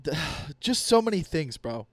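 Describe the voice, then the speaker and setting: A man's voice: fairly high pitch, very animated, a little slow, dry recording, clean studio sound. A young man hosting a comedy podcast alone, ranting in a heated, profane, rambling way. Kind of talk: solo comedy podcast rant.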